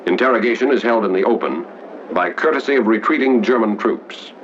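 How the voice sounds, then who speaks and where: A man narrating a 1940s wartime documentary in a measured, formal announcer style. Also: fairly low pitch, fairly bright tone, slight background noise. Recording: dull 1940s film soundtrack with music.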